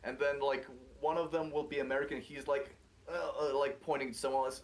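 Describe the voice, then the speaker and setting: A man's voice: medium pitch, brisk. Brief: Russian-accented guy, casual gamer chat, loose and laughing, faint hiss. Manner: swearing, laughing, lively storytelling with imitated voices. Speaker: co-player.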